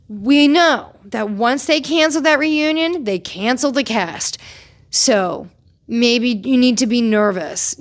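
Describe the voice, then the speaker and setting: Brief: woman, chatty commentary host, opinionated, slightly high-pitched. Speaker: pop culture commentator. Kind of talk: casual commentary.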